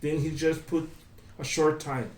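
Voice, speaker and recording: This man, speaking English with a Brazilian Portuguese accent, runs a relaxed conversation class, chatting, repeating himself, and performing what others have said to him. His voice is a little high and a little mellow, with little pitch movement and a measured pace, picked up from a distance in an echoey room.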